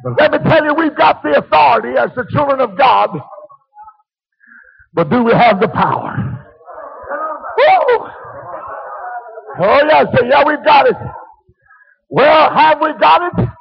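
A male preacher delivering a fervent sermon, shouting many phrases and breaking into hallelujahs. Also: very high voice, expressive, normal speed, creaky, pauses often. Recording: dull lo-fi recording.

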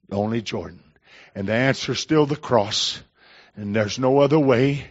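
Older preacher, folksy sermon. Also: male voice, mid-range voice, unhurried. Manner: folksy storytelling preacher, rising to emphatic declarations. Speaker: pastor. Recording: slightly dull, muffled recording.

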